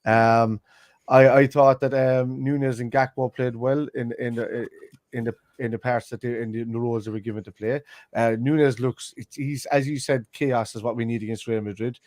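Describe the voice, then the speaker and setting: A man's voice: medium pitch, fairly even intonation, moderate pace, a little mellow, dry recording. A man on a football panel, chatting casually and rambling with plenty of fillers. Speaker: panel guest.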